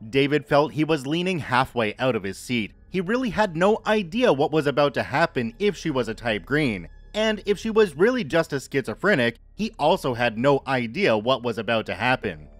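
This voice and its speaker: A man narrating a scripted horror story in a measured, even reading voice. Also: medium pitch, dry recording.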